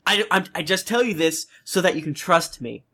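A man's voice: high voice, moderate pace, bright, forceful tone. A man playing his character in a tabletop game, earnest and playful, often stumbling over his words. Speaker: player. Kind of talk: in-character tabletop role-play.

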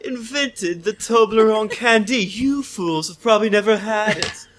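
A man voicing a pompous young male chocolate heir, talking in a haughty, drawn-out way. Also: sits high, heavy background noise.

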